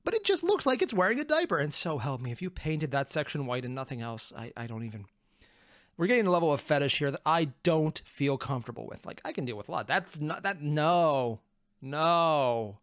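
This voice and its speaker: Excitable man rambling in reaction commentary. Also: on the high side, normal speed, no echo, clean studio sound. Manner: excitable, rambling, self-deprecating asides. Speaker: reaction video host.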